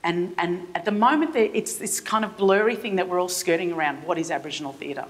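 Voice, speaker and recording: A middle-aged Australian woman delivers a keynote address from a forum stage, her voice sitting a little low. She speaks with passion but haltingly, circling back and restarting her sentences as she builds her point. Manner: impassioned, halting with many restarts.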